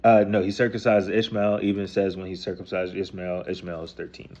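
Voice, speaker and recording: A man's voice: low voice, little pitch movement, fairly quick, a little mellow, highs cut off. A man casually retelling a scripture story in loose, profane slang, reading passages aloud and then paraphrasing them. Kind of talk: casual rambling explanation.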